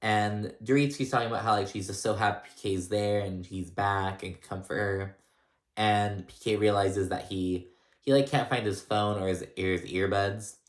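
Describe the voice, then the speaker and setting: A man's voice: on the low side, fairly even intonation, normal speed, reverberant. A man casually recapping a reality TV episode, rambling with lots of fillers and restarts. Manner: rambling, filler-heavy storytelling.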